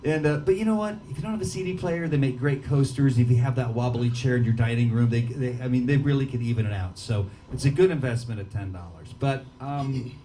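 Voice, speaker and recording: A man's voice: mid-range voice, fairly quick, hardly any pauses, warm tone, slight background noise. A man with a Midwestern American accent chatting and joking with the crowd between songs at a small bar gig. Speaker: singer-songwriter on stage. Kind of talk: rambling on-stage banter between songs. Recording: live PA from a distance, guitar playing.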